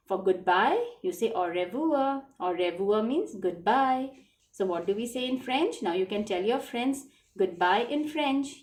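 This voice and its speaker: A woman teaching a French lesson to children, asking simple questions and then answering them herself, slowly and with a lot of repetition. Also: mid-range voice, a little mellow. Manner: slow, repetitive, asks then answers her own questions. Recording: echoey room.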